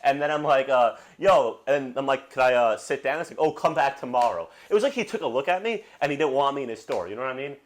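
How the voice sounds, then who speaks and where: A man's voice: mid-range voice, lively intonation, quick pace, hardly any pauses. A young man from Brooklyn, hosting a podcast and telling rambling, profane stories in casual chat. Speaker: podcast host.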